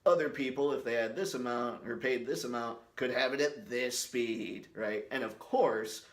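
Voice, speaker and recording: A man's voice: medium pitch, moderate pace, echoey room. A man hosting his company's video series, talking straight to camera in a goofy, shameless way. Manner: goofy, shameless, breaks into silly voices. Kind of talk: jokey direct-to-camera talk with impressions.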